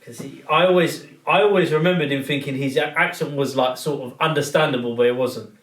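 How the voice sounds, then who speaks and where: A man's voice: mid-range voice, a little fast. Young man, slangy storyteller, echoey room, distant mic. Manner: storytelling, heavy slang, animated. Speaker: podcast guest or co-host. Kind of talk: casual chat.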